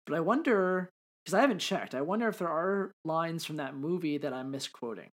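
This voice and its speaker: A man co-hosting a podcast in casual chat, eager and quick to agree. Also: on the high side, expressive. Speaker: podcast co-host.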